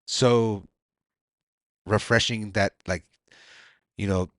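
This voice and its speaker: A man's voice: fairly low pitch, steady tone, slow pace, fairly bright tone, no echo, studio quality. A man hosting a podcast, talking loosely and reflectively with lots of "like". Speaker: podcast host. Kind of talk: casual podcast conversation. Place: podcast studio.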